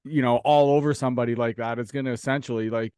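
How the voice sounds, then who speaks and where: Man, podcast host, casual and profane, dry close sound, mid-pitched. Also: fairly even intonation, fast talker, a little mellow, clear, resonant tone, no room sound. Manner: laid-back, profane, laughs often. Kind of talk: casual interview chat.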